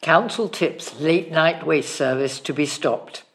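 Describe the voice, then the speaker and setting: A newsreader delivering a local council story in a steady, clear reading style. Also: mid-range voice, takes it slowly. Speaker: news reader. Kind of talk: read news bulletin.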